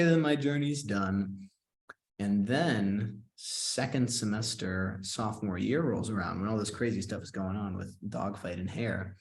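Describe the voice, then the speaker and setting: A young man chatting as an interview guest, retelling events with quick bursts of excitement in a fairly low voice. He acts out his own past reactions as he talks. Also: vocal fry. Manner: animated, quoting himself in excited bursts. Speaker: guest actor and singer. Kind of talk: casual interview storytelling.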